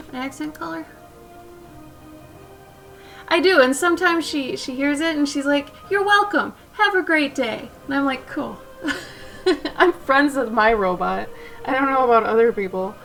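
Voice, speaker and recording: A woman hosting a live drawing stream, chatting casually and softly in rambling asides to her viewers. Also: sits high. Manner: chatty, soft-spoken, drifting between asides. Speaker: live-stream artist host. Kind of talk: casual chat while drawing.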